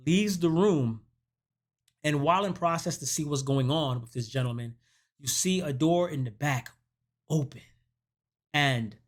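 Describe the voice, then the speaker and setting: A man who hosts a movie review channel, giving a casual recap of a horror film and acting out the characters' lines as he goes. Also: on the high side. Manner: animated storytelling that acts out quoted dialogue.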